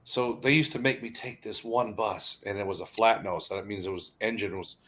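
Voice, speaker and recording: A man's voice: on the low side, fairly quick, fairly bright tone. A man telling rambling anecdotes in casual chat, laughing often and restarting his sentences.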